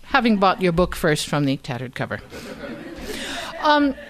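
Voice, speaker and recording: A woman author talking casually to a live bookstore audience, wry and halting, with stammered restarts and frequent ums. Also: fairly low pitch, sing-song, fairly bright tone. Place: bookstore event.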